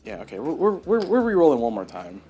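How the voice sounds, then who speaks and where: A man playing a solo board game live on stream, talking through each move and getting loudly exasperated over bad dice rolls. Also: mid-range voice, wildly swooping pitch, fast, soft background music.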